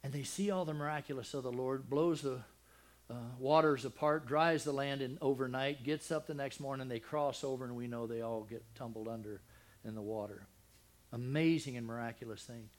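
An older man preaching a sermon, telling a personal family story with deep feeling, dropping to a hush and then rising loud, with many restarts. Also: normal speed. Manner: emotional, swings from loud and high to hushed and soft; rambling with frequent restarts.

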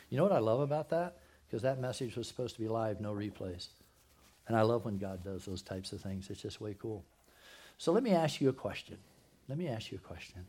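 A man's voice: medium pitch, darkish tone. A man preaching a conversational sermon as pastor at a church service, asking the congregation questions and dropping jokey asides.

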